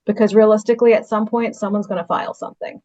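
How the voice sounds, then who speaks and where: A woman judge talks through a ruling in a firm, businesslike manner, pausing with fillers. Her pitch is middling. The audio is dull and lo-fi, like a video-call hearing. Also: steady tone, a little mellow. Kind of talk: court hearing.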